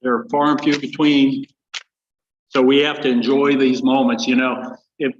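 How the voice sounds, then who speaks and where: A man's voice: medium pitch, flat delivery, normal speed, slight background noise. An older man giving a folksy, rambling speech with a joke, full of fillers and restarts. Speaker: guest speaker. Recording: muffled echoey banquet hall.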